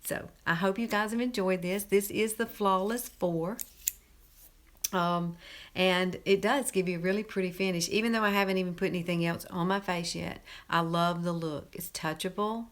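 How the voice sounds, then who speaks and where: Steady and lowish, her voice moves at a moderate pace as she walks through a relaxed makeup tutorial. She's a Southern-accented woman from Alabama in her 50s, folksy and talkative, who repeats points for emphasis.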